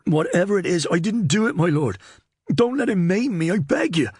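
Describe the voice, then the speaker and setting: A man's voice: high-pitched, sing-song, normal speed, a little mellow, slightly rough, no echo, studio quality, pitched above the performer's own voice, exaggerated voice. A man doing a whining, cringing male prisoner. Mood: pleading. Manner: whining, pleading.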